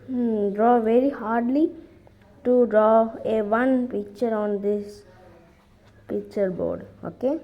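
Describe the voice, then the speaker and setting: A woman's voice: a little high, slow, muffled recording. A woman giving a step-by-step drawing tutorial in simple, repeated instructions.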